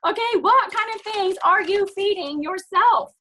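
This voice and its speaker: A woman's voice: extremely high pitch, unhurried, bright, forceful tone, poor audio. A woman, likely in her thirties, giving an emphatic, preachy motivational talk to her team on a video call, full of "you guys" and "okay?". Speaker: team leader speaking on a team call.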